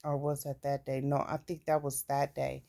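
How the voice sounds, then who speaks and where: A woman's voice: extremely low pitch, flat delivery, moderate pace, vocal fry, dark tone. A woman recounting her own life story in a candid, plain-spoken way, with casual swearing. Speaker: vlogger. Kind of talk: personal storytelling.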